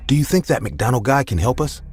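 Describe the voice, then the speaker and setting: A man doing a grave young boy who gives orders beyond his years, the voice raised a little above the narrator's low tone. Faint music sits behind him. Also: sing-song, a little fast, lightly acted. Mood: firm. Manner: firm, insistent. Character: serious ten-year-old boy, steady and commanding.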